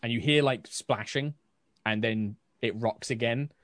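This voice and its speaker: A man's voice: medium pitch, a little slow, a bit bright, dry recording. A British man running a tabletop game as game master. He rambles easily with fillers and laughs. The recording is dry and close. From Britain.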